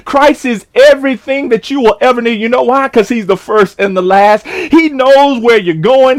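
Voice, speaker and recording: Fervent high-voiced male preacher. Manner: fervent, repeats words, drawn-out emphasis on scripture. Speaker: pastor. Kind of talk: sermon. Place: streamed online service.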